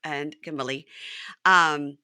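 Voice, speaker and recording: Animated woman recapping reality tv. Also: low-pitched, slow, smooth, dry recording. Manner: animated, acts out quotes in lively voices. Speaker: podcast host. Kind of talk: casual recap chat.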